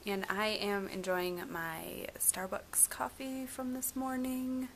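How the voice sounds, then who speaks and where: A woman's voice: medium pitch, flat delivery, takes it slowly, a little hiss or hum. A young woman, a mom, chatting casually to her camera at home, rambling with fillers. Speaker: vlogger, mom. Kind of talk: casual vlog chat. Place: family home, indoors.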